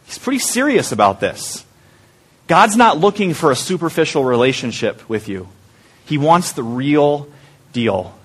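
A man's voice: on the high side, big pitch swings, unhurried, breathy edge. A man preaching a conversational sermon to a church group in small pods, often asking the room questions. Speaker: pastor.

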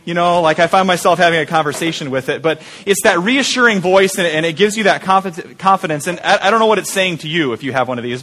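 Preaching to his congregation, this pastor speaks conversationally, often asking them questions. His voice is on the high side with a fairly bright tone, and he halts frequently, repeating words as he goes.

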